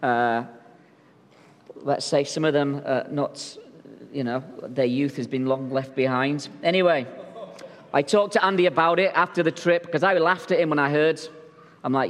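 A man's voice: fairly high pitch, normal speed, pauses often, big-room sound. A male pastor preaching a sermon in a church, telling stories in a jokey, conversational way. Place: church sanctuary.

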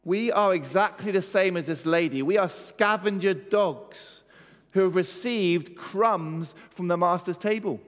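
Preacher in a reverberant hall. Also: male voice, high-pitched, a little slow, fairly bright tone. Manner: rhetorical questions, emphatic repetition. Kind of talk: sermon.

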